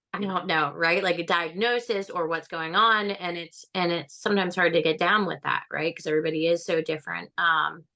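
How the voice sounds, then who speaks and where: A woman's voice: fairly low pitch, fairly bright tone. A woman on a group video call talking openly and chattily about her own experiences, with lots of fillers. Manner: chatty, open, full of fillers like "right?". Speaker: participant.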